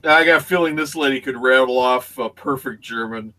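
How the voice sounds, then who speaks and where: A man's voice: mid-range voice, brisk, pushed and bright, low-quality recording. A man co-hosting a casual live chat show, telling stories and going off on history tangents. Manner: storytelling, chatty history tangents. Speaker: co-host.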